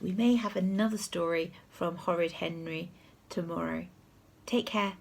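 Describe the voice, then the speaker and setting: A woman reading a picture book aloud to children, expressive and sometimes dropping to a hush. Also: fairly low pitch, moderate pace, gravelly, a little hiss or hum. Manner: expressive, hushed in places.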